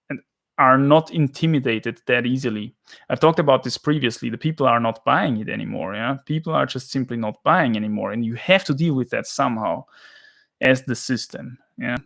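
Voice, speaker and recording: A man's voice: mid-range voice, creaky, fairly bright tone. Ranting Austrian man on a livestream. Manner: emphatic, ranting, tags lines with "yeah?". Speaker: livestream host. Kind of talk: casual livestream chat. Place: home flat.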